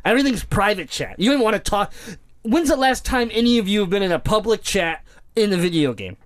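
A man with a fairly high voice tells a lively story in casual podcast chat, laughing often and stumbling over repeated words. He jumps into quoted voices as he goes. The recording is close and dry, with little room sound. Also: quick pace, no room sound. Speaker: podcast host.

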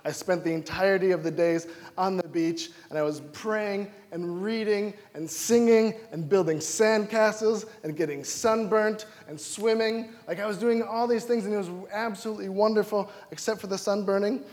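Lively preacher from Wisconsin, high voice. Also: male voice. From Wisconsin, United States. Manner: animated storytelling, acts out his own quoted lines. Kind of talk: sermon with personal stories. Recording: long hall reverb.

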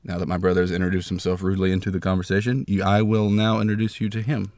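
A man's voice: low-pitched, level tone, quick pace, darkish tone, dry recording. A young man hosting a homemade comedy podcast from a closet, rambling in a mock-grandiose way with lots of fillers. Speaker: podcast host.

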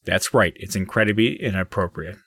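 A man's voice: sits low, fairly quick, fairly bright tone, slightly rough, no echo, studio quality, heavily acted. A man doing a stern, blunt afterlife clerk. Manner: blunt, bureaucratic.

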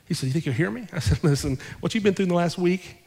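A man's voice: high voice, quick pace, gravelly, husky, in a large hall. A male pastor telling a story in a sermon, acting out the dialogue as he goes. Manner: animated retelling with quoted dialogue. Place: church sanctuary.

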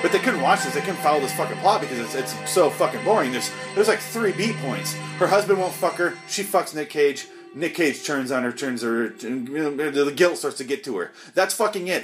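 A man's voice: a little high, low-quality recording. A man giving an angry, profane, unscripted movie review, ranting with exasperation and mocking the characters.

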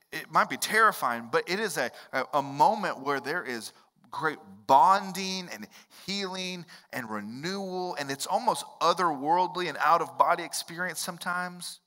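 A man's voice: on the high side, bright, forceful tone, in a large hall. A male pastor giving a sermon in an earnest, conversational way, with personal stories. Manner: earnest, conversational preaching with storytelling asides.

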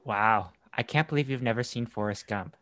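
A young man from Canada chatting casually as a podcast co-host, easygoing and prone to rambling off track. His voice sits at a middling pitch and sounds close and dry, with no room behind it. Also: moderate pace, fairly bright tone, no room sound. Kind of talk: casual chat.

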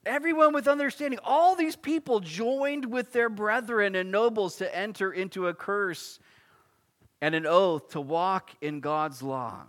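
A man preaching an expository sermon, reading scripture and explaining it in a casual, animated way with asides. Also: sits high, unhurried. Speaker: pastor.

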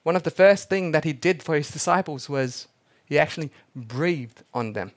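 A man's voice: on the high side, lively intonation, moderate pace. A male pastor preaching a sermon, dramatic, repeating key words and dropping his voice almost to a whisper for emphasis.

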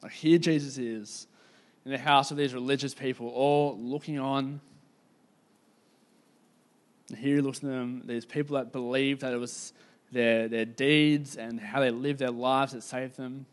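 A man preaching a sermon in a casual, conversational storytelling way, with lots of "like" fillers and slowing down to stress key points. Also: mid-range voice, steady tone. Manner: casual, filler-heavy, slows down for emphasis.

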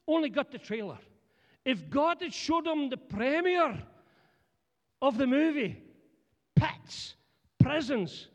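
A middle-aged man with a Scottish accent preaching a humorous sermon, animated and joking as he talks to the congregation. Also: very high-pitched. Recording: long church hall reverb.

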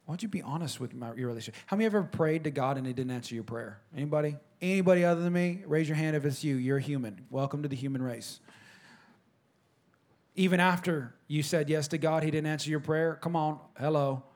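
A man's voice: fairly high pitch, fairly quick, a little mellow. Casual, joking man preaching a sermon. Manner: casual, joking, talks straight to the congregation. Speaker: pastor. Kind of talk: conversational sermon.

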